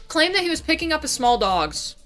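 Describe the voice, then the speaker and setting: Bright-voiced woman ranting and swearing. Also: sits high, big pitch swings, soft background music. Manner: heavy swearing, fast venting. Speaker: livestreamer. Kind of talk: casual ranting chat. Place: home.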